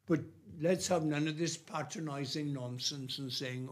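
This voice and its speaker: A man preaching a sermon, emphatic and repetitive, with long pauses between phrases. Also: a little high, steady tone.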